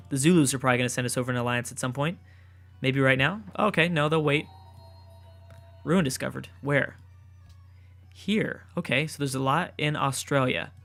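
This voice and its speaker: Dude talking thru his strategy game, repeats stuff, gets hyped sometimes, mid pitch voice. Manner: thinks aloud, repeats phrases, excited outbursts. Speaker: let's play gamer. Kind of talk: casual gameplay commentary.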